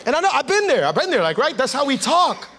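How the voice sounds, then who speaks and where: A male pastor preaching a lively sermon, acting out everyday scenes and calling on the congregation to respond. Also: very high-pitched, fast, soft background music. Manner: animated, acts out everyday scenes and voices; calls for audience response.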